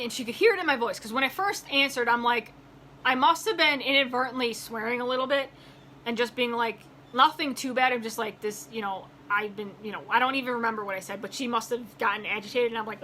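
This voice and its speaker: A woman's voice: on the high side, fairly even intonation, fairly quick, sharp tone, a little hiss or hum. A woman vlogger telling a story in a casual rant, acting out both sides of a phone call and rising in exasperation when heated.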